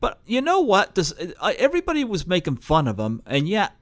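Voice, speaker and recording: A man's voice: high-pitched, wildly swooping pitch, a little fast, no echo. A man hosting an interview show who talks casually and hesitantly, with frequent "uh"s and restarts. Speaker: podcast host.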